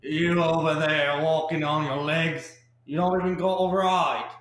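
A man plays a brash adventurer who mocks and coaxes a crowd of goblins. The voice sits a little high and slangy, and the room around it is echoey with a faint hiss. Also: fairly even intonation, measured pace, a bit bright. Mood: taunting. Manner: mocking, coaxing, slangy.

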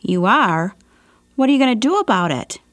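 A calm, caring mother in a family audio drama. She coaxes gently with questions in a mid-pitched voice. The recording is dry and close. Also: moderate pace, no echo. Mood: gentle.

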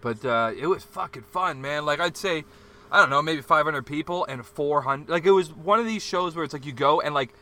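Young man, bright and a bit high-pitched, profane rowdy storyteller who shouts out the quotes. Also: a little fast. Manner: acts out quarrels in a loud shouting voice. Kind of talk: casual chat, storytelling.

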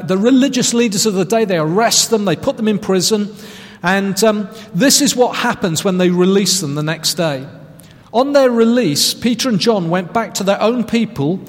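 A man's voice: high voice, big-room sound. A man preaching a sermon as pastor, telling stories in a conversational, self-deprecating way.

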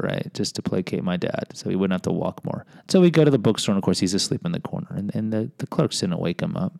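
A man's voice: lowish voice, expressive, fast talker, creaky, hardly any pauses, mellow, no echo. A man telling personal stories in a casual monologue, candid and self-deprecating, often restarting and adding asides.

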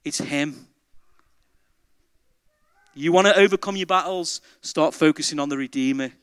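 A man preaching a sermon as pastor, moving between quiet reflection and loud, joyful exhortation to the congregation. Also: on the high side, a little slow, smooth, no room sound, studio quality.

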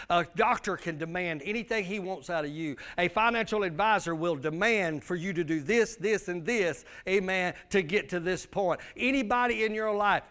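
A man's voice: high-pitched, a bit bright. A male pastor, preaching a sermon with emphatic call-and-response.

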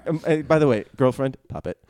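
A man's voice: medium pitch, fairly quick, a little mellow, dry recording. A man co-hosting a comedy podcast and reading listener mail, wry with fumbling asides. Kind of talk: casual comedic banter.

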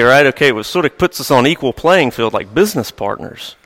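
A man of middling pitch preaches a sermon in an easy, conversational storytelling manner, chuckling lightly now and then. His voice rings out with a long reverb tail, as if heard across a large church hall. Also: animated, moderate pace, a bit bright. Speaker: pastor.

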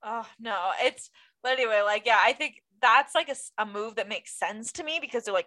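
A woman with a high voice talks sports in a loose podcast chat. She is animated and quick, and she often breaks into laughter and exclamations. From Toronto fan. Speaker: podcast co-host.

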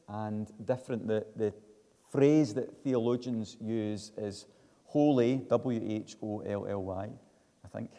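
A man preaching a sermon, slow and measured, building to emphatic declarations. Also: fairly low pitch, steady tone, warm tone, long reverb tail.

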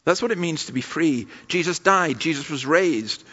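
A man's voice: on the high side, animated, moderate pace, bright, forceful tone, muffled recording. A man pastor delivering a sermon with humorous, anecdotal storytelling.

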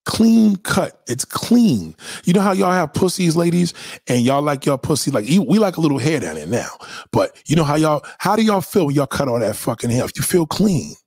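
Guy on a stream roasting people from chat, kinda high voice, dry close sound. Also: a little fast, husky, no echo. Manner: mocking, animated and blunt. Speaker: livestream host reading chat. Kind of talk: casual profane rant.

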